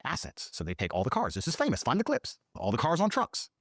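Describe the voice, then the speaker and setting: Fast, lively man telling a story. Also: a little high, dry recording, clean studio sound. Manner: profane, acts out quoted lines in mocking voices. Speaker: podcast guest. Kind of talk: animated storytelling in a podcast clip.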